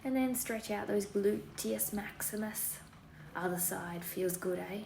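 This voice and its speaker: Yoga lady hamming up a fake aussie accent, gravelly voice, echoey room. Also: medium pitch, a little slow. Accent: playful put-on Australian. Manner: relaxed, encouraging, slang-filled cueing. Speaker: yoga teacher. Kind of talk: guided yoga class instruction. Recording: roomy echo, faint room hiss.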